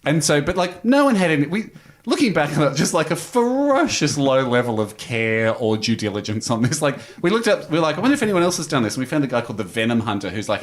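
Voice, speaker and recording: A man, a podcast guest telling a long story in casual chat and acting out the quotes as he goes. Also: medium pitch. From Australia.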